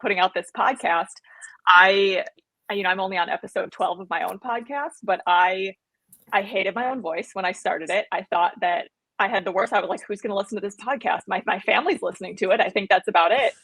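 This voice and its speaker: A woman with a slightly husky, mid-pitched voice speaks as a guest on a podcast. She talks earnestly and candidly about her own experience. Her voice is close and dry. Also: brisk, a bit bright, dry recording, poor audio. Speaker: guest fitness trainer. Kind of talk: casual podcast chat.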